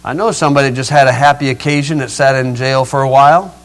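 An older male preacher retelling a scripture story in a folksy, dramatic way, swinging between loud rises and quiet drops. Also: mid-range voice, fairly even intonation, quick pace, rough recording. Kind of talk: storytelling sermon.

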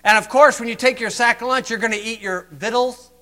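An older man from the United States delivers a sermon in a high voice. He mocks with heavy sarcasm and swings between loud emphasis and quiet, earnest asides. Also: fairly even intonation, a little fast. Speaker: preacher.

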